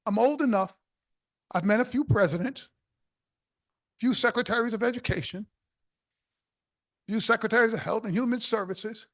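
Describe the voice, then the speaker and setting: An older man from the South Bronx giving an inspirational speech, telling stories in an animated way with bursts of shouted emphasis. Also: high-pitched, moderate pace, pauses often. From South Bronx, New York. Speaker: keynote speaker.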